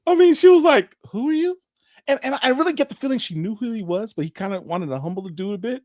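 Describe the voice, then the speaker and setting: Excitable podcast man, swinging pitch, trips over his words. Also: rapid-fire, dry recording, studio quality. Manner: excited storytelling, acts out quotes, stammers. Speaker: podcast co-host. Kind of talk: casual chat.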